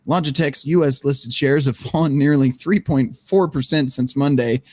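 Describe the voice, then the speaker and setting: A man's voice: medium pitch, moderate pace, darkish tone. Profane laughing male podcast host. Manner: profane, laughing, steers the talk back on topic. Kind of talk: casual panel chat, reading news aloud.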